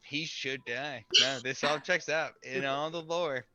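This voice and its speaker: A man playing a tabletop game, chatting in a playful, quick, joking way. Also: medium pitch, steady tone, pushed and bright, no echo. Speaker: player.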